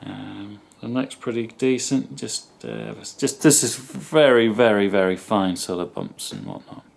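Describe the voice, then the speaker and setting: A man chats casually to the camera, his voice sitting a little low. He rambles and hesitates with plenty of ums, speaking in a relaxed, unscripted way. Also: a little slow, gravelly. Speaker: guitar demo presenter.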